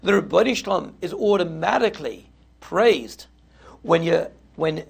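A man delivers a storytelling sermon with a raised, somewhat high voice. His tone is gravelly and husky, and he tells his tales with animated energy. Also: unhurried. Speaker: rabbi giving a Torah talk.

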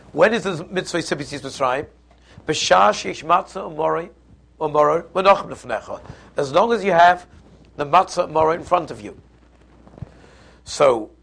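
A man with a fairly high, fairly bright voice and some vocal fry teaches a Passover Torah class. He explains it step by step in an explanatory manner, mixing Hebrew and Yiddish terms and often restarting his sentences. It's a Torah lecture.

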